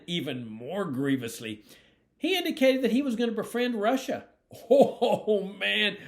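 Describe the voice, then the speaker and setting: A man's voice: a little high, a bit bright. A man from South Texas, a political candidate, delivering a sarcastic commentary monologue with frequent chuckles. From South Texas, USA. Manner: sarcastic, mocking, chuckles often.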